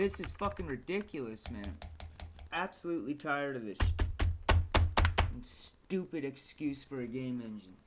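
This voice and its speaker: A man streaming his game development, exasperated and cursing at the software as he works. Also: fairly high pitch, a little hiss or hum. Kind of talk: frustrated livestream commentary.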